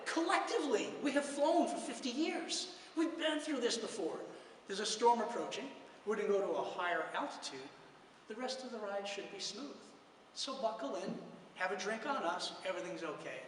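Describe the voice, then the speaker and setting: A man voicing a confident, experienced male airline pilot who makes a steady, reassuring announcement. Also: high-pitched, moderate pace, slight background noise. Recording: echoey hall, from far off.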